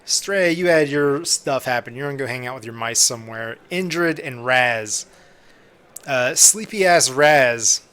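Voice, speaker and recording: A man's voice: mid-range voice, measured pace, fairly bright tone, smooth. A young man narrating as game master on a live stream, loose and joking with lots of fillers.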